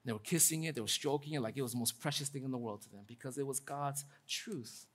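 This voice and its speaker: A man pastor delivering a sermon in a lively, conversational way, acting out quotes with casual asides. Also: mid-range voice, quick pace.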